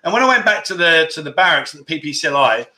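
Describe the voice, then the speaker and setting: A man's voice: fairly high pitch, animated, fast talker, sharp tone. A man in his fifties hosting a casual livestream, chatting and reading out viewer comments between rambling anecdotes. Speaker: livestream host.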